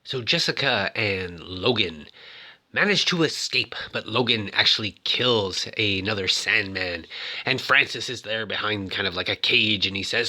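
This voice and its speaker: A man's voice: fairly low pitch, a little slow, bright, forceful tone. Rambling man retelling a movie. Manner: rambling, joking, many fillers. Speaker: narrator.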